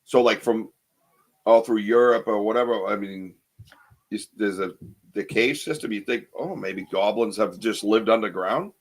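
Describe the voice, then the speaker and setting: A man's voice: on the low side, normal speed. A man hosting a casual live podcast, rambling and chatty as he reads viewer comments aloud, with lots of ums and restarts. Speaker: podcast host.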